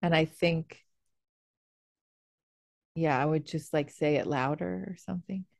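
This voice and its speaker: A woman's voice: low-pitched, a little slow, vocal fry, darkish tone, no echo, clean studio sound. A woman guest on a podcast, chatting casually and laughing often with lots of fillers. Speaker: actor and comedian guest.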